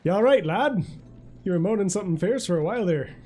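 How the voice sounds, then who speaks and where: A man's voice: expressive, fast, a little mellow, faint music behind. A man putting on a folksy Irish old peddler. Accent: put-on Irish lilt. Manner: homely, rambling, lowered voice. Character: chatty old male cart peddler, folksy.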